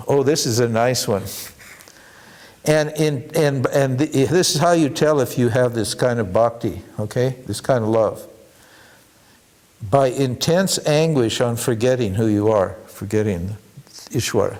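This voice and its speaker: A man giving an informal workshop talk as a spiritual teacher, animated and acting out the voices he quotes. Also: mid-range voice, moderate pace. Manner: animated, acts out quoted voices, chuckles between points.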